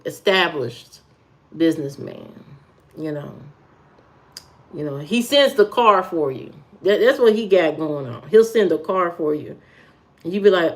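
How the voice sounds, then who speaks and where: A woman's voice: on the low side, animated, moderate pace. A woman hosting a live stream, chatting casually in a teasing way with lots of fillers and repeated phrases.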